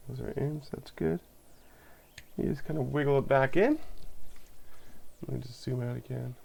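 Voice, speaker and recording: A repair video host with a medium-pitched, gravelly, husky and slightly mellow voice chats casually at normal speed while working on electronics at his bench. He thinks aloud as he goes through the hands-on fix.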